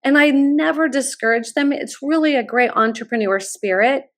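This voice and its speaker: A middle-aged woman with a somewhat high voice speaks as a podcast guest. She tells her stories in an animated, enthusiastic way. She sounds like a college admissions consultant sharing advice. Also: normal speed. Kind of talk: podcast interview, personal storytelling.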